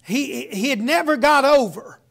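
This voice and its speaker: A man's voice: very high-pitched, a little slow, gravelly, fairly bright tone. A man preaching a sermon as a guest preacher, telling a story in a folksy storytelling way.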